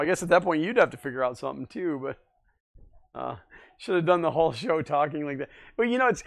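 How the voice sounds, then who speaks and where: A man with a fairly high, smooth, resonant voice hosts a relaxed livestream. He chats loosely and rambles, stopping often to respond to viewers in the chat. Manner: rambling, chatty, answers viewer comments. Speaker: livestream host.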